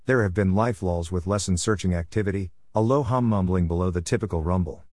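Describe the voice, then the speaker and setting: A man reading his own reflective story in a measured, wry way. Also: deep voice, darkish tone, dry recording, studio quality. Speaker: narrator.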